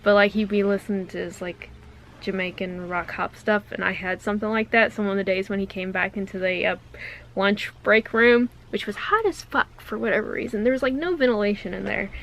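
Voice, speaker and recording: Casual co-host, young woman, bright tone, storyteller who laughs a lot. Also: medium pitch, fairly quick, low-quality recording. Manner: laughs often, tells stories with quoted voices. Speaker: podcast co-host. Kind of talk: casual chat.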